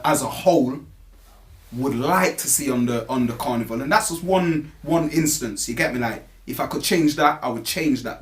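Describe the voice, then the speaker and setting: A young man, a grime MC answering interview questions casually in street slang, often tagging on "you get me" and repeating words as he starts. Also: mid-range voice. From England.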